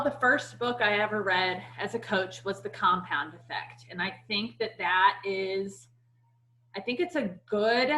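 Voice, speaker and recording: A woman's voice: mid-range voice, low-quality recording. Chatty woman on a coaching team call. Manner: chatty, many "like" fillers, animated quoted voices. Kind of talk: casual chat.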